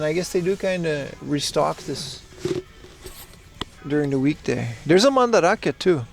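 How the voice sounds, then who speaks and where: A man's voice: on the high side, animated, a little slow, creaky, faint music behind. A man hosting a casual livestream while he browses a retro game shop and chats with viewers. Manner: chatty, browsing and reading chat aloud. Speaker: livestream host. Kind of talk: casual IRL livestream chat.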